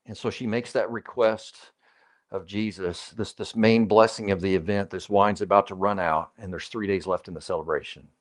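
A man's voice: fairly low pitch, fairly even intonation, moderate pace. A man preaching a sermon as pastor, in a conversational, emphatic way, putting questions to the congregation and repeating key phrases.

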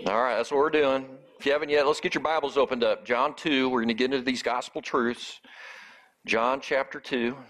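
A man's voice: fairly even intonation, brisk. A man preaching a sermon as pastor, talking in a conversational way with frequent fillers and restarts. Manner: prayer in a lower, softer voice.

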